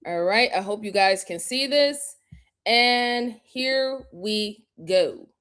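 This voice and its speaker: A woman's voice: medium pitch, slow pace, fairly bright tone, clear, resonant tone. A woman hosting a casual livestream, greeting viewers one by one, repeating her thanks and laughing often. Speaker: livestream host.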